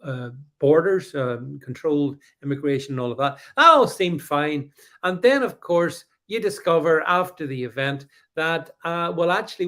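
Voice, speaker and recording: A man co-hosts a casual podcast, his voice pitched a little high. He talks in a halting, animated way, full of restarts, as he reads out viewer comments. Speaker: podcast co-host. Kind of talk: casual political chat reading live comments.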